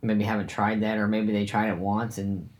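A man's voice: on the low side, level tone, normal speed. A man in casual conversation about martial arts training, earnest and reflective, often restarting his sentences as he thinks. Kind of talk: casual chat.

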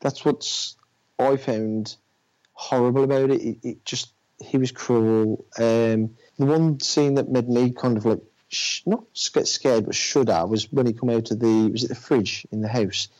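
A man's voice: medium pitch, fairly even intonation, unhurried, a little mellow. A man in casual chat about films, talking hesitantly with many fillers and restarts. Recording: dull lo-fi audio.

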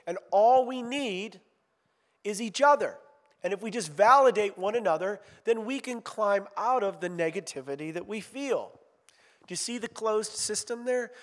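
A man preaching a conversational sermon as a pastor, chatty and self-deprecating, with joking asides. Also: high voice. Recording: long reverb of a large hall.

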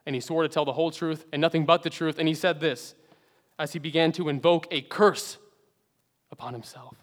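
A man preaching a sermon earnestly, swinging between loud emphatic phrases and hushed low endings. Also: steady tone, a little fast. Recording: long hall reverb.

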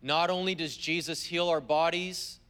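A man preaching a sermon as pastor, driving points home with repeated phrases and slowing down to read scripture. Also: a little high, steady tone, a bit bright, clear, resonant tone. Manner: slows down when reading scripture aloud. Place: church service.

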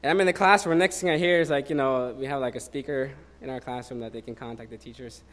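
A man in his thirties preaching a sermon in a relaxed, conversational way, telling a personal story with many fillers. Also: medium pitch, fast.

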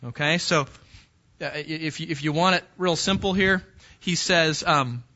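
A man's voice: fairly high pitch, moderate pace, sharp tone, lo-fi sound. A man preaching a sermon to a congregation, talking to them directly and emphatically with many repeated words and restarts. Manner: emphatic teaching with repetitions and restarts.

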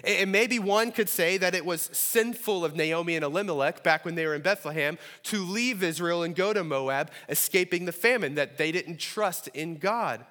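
Man, pastor preaching in a church hall; earnest, pleading lift on prayers; highish voice with long reverb. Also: normal speed, hardly any pauses, bright, forceful tone. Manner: earnest, rises to pleading when voicing prayers. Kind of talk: sermon. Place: church sanctuary.

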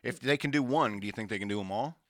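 A male podcast co-host with a medium-pitched voice and quick pace jokes around in casual comedic chat, playful and full of animated storytelling. The studio-quality recording has no room sound.

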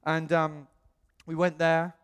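A British man preaches in a big reverberant hall, his voice sitting a little high for a man. He tells a personal story with lots of energy and jumps into quoted voices, with the sound trailing off in a long echo. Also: slow, clean tone. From England. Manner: animated, acts out quoted voices. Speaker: pastor. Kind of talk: storytelling sermon.

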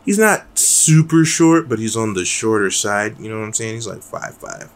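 Low-voiced man swearing casually. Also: animated, moderate pace. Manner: loose, rambling, swears casually. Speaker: podcast co-host. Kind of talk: casual podcast chat.

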